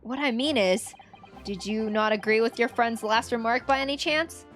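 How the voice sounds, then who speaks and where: Brief: calm young lawyer, woman reading, formal and measured. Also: on the high side, soft background music, close to an everyday voice.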